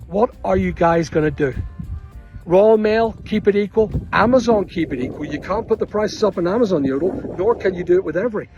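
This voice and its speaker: A man's voice: high voice, a little mellow, dull audio. Indignant Northern Irish man ranting. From Northern Ireland. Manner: exasperated, indignant, repetitive. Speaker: online seller. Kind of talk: angry rant to camera.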